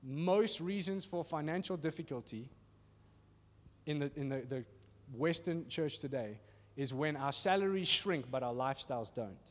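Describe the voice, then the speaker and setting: A man with a high voice preaches to a congregation, conversational and animated, often checking in with his listeners. His voice rings out with the long reverb of a large hall. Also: moderate pace. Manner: animated and conversational, acting out little voices, asks "are you with me?". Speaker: pastor. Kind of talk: sermon. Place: church hall.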